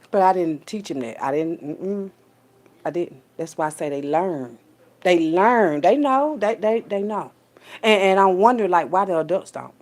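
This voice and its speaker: A woman speaking, in a streetwise, profane storytelling rant. Her voice leaps up high and loud when she mimics others, then drops low and soft. The delivery is loose and conversational, like a vlog monologue. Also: a little slow. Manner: animated, profane, streetwise storytelling with big pitch jumps when quoting people. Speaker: vlogger.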